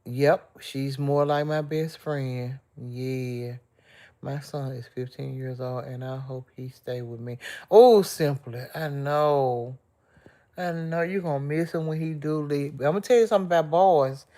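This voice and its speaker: A middle-aged woman vlogs on a livestream, speaking softly, tearfully, and emotionally as she vents and chats casually with viewers. She calls them y'all and reads out their comments. Her voice is rumbling and low, and she talks a little slowly.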